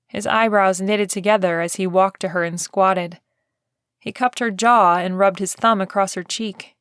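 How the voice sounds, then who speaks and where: Audiobook narrator: woman, mid-pitched, steady storyteller, dry booth sound. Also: moderate pace, clean tone, dry recording.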